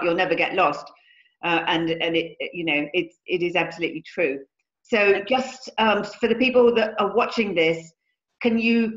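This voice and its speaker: A woman's voice: medium pitch, a bit bright, echoey room, dull audio. A woman hosting an interview, effusive and often restarting her sentences. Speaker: host. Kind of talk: interview chat.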